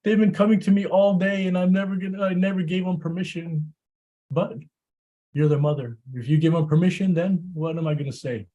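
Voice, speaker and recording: A preacher voicing a gentle leader who calmly reasons with a mother, raised in pitch within his sermon. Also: brisk, dull audio. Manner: soothing, reasoning.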